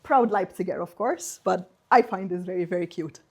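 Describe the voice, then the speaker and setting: A woman's voice: fairly low pitch, moderate pace, slightly rough. A woman from Malta, giving a university seminar talk and playfully drilling the audience in phrases. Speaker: guest speaker.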